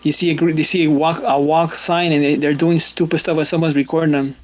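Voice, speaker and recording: A man's voice: fairly high pitch, little pitch movement, quick pace. A middle-aged man hosting a stream, chatting casually and rambling, repeating words as he goes. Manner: rambling, repeats words, quotes people in exclaiming voices. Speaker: stream host. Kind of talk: casual chat. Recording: dull lo-fi stream audio.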